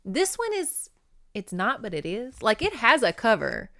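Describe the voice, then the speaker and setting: Chatty woman with a smooth, clear voice. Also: on the high side, huge pitch swings, measured pace, a bit bright. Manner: chatty, laughs often, swears casually. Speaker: podcast host reviewing a novel. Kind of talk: casual chat.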